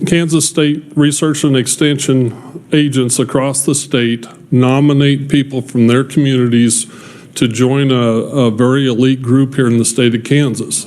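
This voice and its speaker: An earnest man speaks to a committee in a legislative hearing room as a state representative. His tone is slightly apologetic and his pitch sits in the middle. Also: a little mellow. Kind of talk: committee floor remarks.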